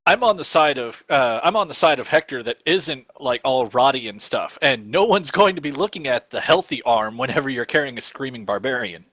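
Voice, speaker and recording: A man playing a tabletop game, eager and animated, arguing his points. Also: mid-range voice, a little fast, hardly any pauses, no room sound, dull audio. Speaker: player.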